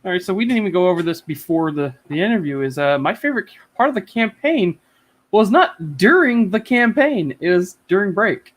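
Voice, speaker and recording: A man guest in casual chat over a video call from home, talking in an excited, rambling way and swearing freely. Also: sits high, a little fast. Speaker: interview guest.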